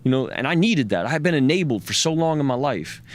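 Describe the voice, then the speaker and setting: A man's voice: mid-range voice, lively intonation, fast. A man as an interview guest, telling a personal story candidly, raw and profane and intense, and he acts out what other people said.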